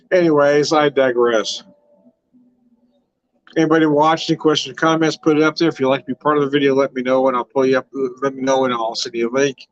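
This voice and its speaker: A man's voice: mid-range voice, steady tone, brisk, pauses often, no echo, highs cut off. An older man from Southern California, chatting casually on a home wine livestream, rambling and laughing often, with occasional swearing. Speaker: wine vlogger. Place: home room.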